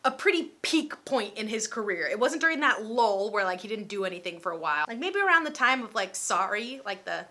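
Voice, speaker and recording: Bright-voiced chatty young woman. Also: medium pitch, a little fast, few pauses. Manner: chatty, animated, lots of fillers. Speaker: storytime vlogger. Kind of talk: casual storytime vlog.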